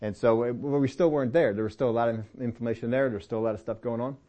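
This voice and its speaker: A middle-aged man preaching a sermon, telling personal stories in a relaxed, conversational way and often rising in pitch to press a point. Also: rapid-fire. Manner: conversational storytelling with lively pitch swings and laughs. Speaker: pastor.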